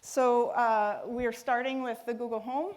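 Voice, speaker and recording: A woman's voice: on the high side, steady tone, unhurried, darkish tone. A woman giving a conference talk and answering questions, speaking with frequent fillers and restarts. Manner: hesitant, many fillers and restarts.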